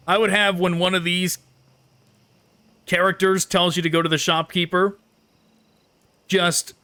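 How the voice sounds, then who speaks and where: Gaming channel guy, chatty, laughs a lot, bright clean voice, dry close mic. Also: a little high, smooth, dry recording. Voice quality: chatty, laughs while critiquing. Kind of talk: casual gameplay commentary.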